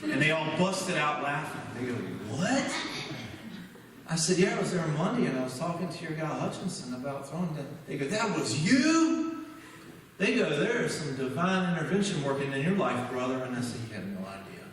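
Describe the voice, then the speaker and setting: A man giving a guest sermon in a church, telling a personal story and acting out the dialogue with animated energy. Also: a little high, quick pace, few pauses, background noise. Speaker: guest speaker. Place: church sanctuary. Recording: echoey church hall from far off.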